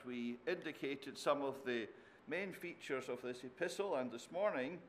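A man's voice: mid-range voice, fairly bright tone. A man preaching an expository sermon, often turning points into tag questions and adding dry humor.

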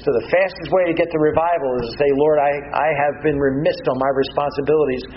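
A man giving a measured, earnest Bible-teaching sermon as pastor, with frequent pauses and restarts. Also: a little high, steady tone, dull audio, a little hiss or hum.

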